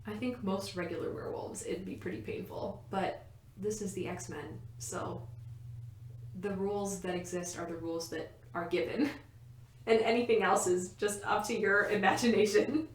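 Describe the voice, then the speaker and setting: A woman co-hosting a podcast in casual chat, explaining at length with lots of "like" and frequent laughs. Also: medium pitch. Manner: chatty, laughs often, fills with "like". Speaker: podcast co-host, quizmaster. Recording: roomy echo.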